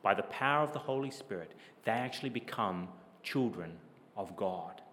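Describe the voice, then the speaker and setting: A man preaching a sermon with emphatic rhetorical questions, his delivery rising loud and then dropping low. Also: lively intonation, moderate pace, in a large hall, slight background noise.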